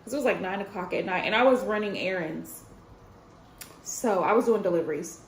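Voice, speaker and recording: A woman's voice: medium pitch, fairly quick, a little hiss or hum. A woman in her thirties streaming as a tarot reader, telling a story in a chatty way, talking straight to her viewers and laughing often. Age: 30s. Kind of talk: casual livestream storytelling. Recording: roomy echo with faint ambience.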